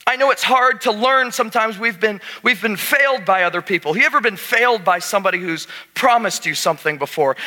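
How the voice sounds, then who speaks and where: A man's voice: very high-pitched, pushed and bright. A man, a pastor preaching a sermon to his congregation, with a jokey, emphatic manner. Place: church sanctuary. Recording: reverberant church hall.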